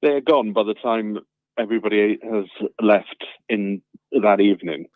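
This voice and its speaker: Low-voiced man over a tinny phone line. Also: a little slow, dry recording. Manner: relaxed storytelling, many fillers. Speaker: caller. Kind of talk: casual phone chat.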